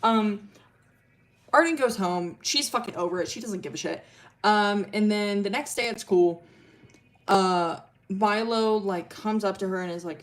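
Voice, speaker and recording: A woman's voice: medium pitch, a little slow. A young woman streamer casually telling a rambling story, full of fillers and laughter.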